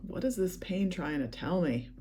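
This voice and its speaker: Woman guiding a calm tapping session. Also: lowish voice, normal speed, a little hiss or hum. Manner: calm, repetitive spoken affirmations. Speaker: EFT tapping practitioner.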